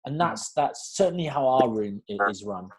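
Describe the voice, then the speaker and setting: British man, casting director, chatty and animated, restarts a lot, mid-range voice. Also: mid-range voice, moderate pace. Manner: animated storyteller who acts out quotes, many restarts. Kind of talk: casual Q&A advice.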